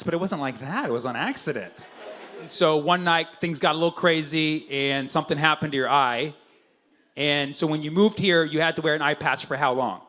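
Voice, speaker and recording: A male stand-up comedian working the crowd at a live show. His voice sits high and bright, and his pitch swings widely as he trades brash, profane banter with the audience. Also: animated, moderate pace.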